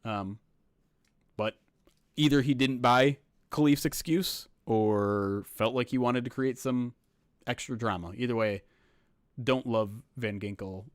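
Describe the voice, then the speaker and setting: A man's voice: medium pitch, slow pace, long pauses, dry recording, clean studio sound. A man hosting a livestream as a sports reporter, rambling casually with loose swearing.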